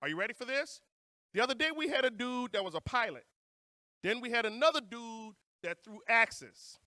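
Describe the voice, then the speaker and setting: Expressive and very high, the man's voice is pushed and bright at normal speed, recorded at studio quality with no echo. Speaking in a New Orleans accent, he emcees a conference and hypes the live crowd with playful joking banter.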